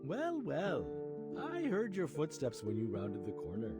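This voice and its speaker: A man's voice: medium pitch, wildly swooping pitch, unhurried, music in the background. A man voicing a watchful male game character with an Indian accent and a knowing drawl.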